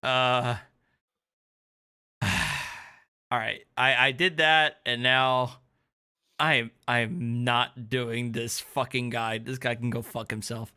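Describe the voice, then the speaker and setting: A man's voice: mid-range voice, flat delivery, slow, long pauses, sharp tone, clean tone. A male streamer chatting casually, with frequent swearing between his reactions. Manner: profane, laughing asides.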